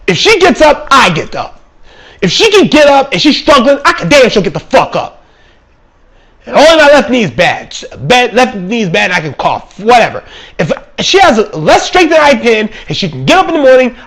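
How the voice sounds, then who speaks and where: Young male ranter, very high and animated voice, sarcastic and foul-mouthed, bursts into shouting. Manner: angry, sarcastic, swearing constantly, shouts and mocks. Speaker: vlog ranter. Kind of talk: profane comedic rant.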